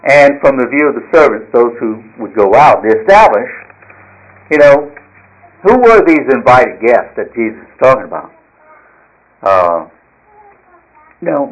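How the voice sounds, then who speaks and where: A man's voice: fairly high pitch, poor audio. A man teaching a morning Bible class, reading scripture aloud and then explaining it in a folksy, conversational way with fillers and restarts. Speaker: Sunday school teacher.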